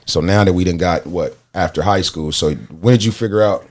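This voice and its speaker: A man hosting a podcast, bantering loudly with lots of laughter and swearing. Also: sits low, fairly quick. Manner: loud, laughing, animated banter with frequent swearing. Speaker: podcast host. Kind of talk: casual interview chat.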